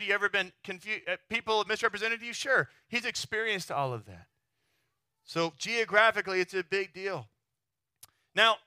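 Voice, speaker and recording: A pastor from Texas preaching a sermon in a lively, chatty way, often checking in with his listeners. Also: fairly high pitch, no echo, studio quality. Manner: animated, chatty, keeps asking the crowd "right?".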